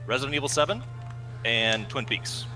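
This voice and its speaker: A man's voice: mid-range voice, moderate pace, sharp tone, soft background music. A man co-hosting a gameplay video, talking in a musing, analytical, wordy way. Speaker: co-host gaming commentator. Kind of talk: casual gameplay chat.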